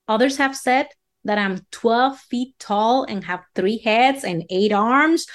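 A woman storyteller spinning a folksy, dramatic tall tale in a drawling way. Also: a little high.

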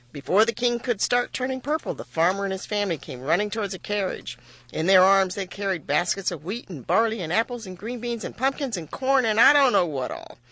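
Woman storyteller reading a fairy tale aloud; expressive, lively lilt, dry and close. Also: mid-range voice, no room sound.

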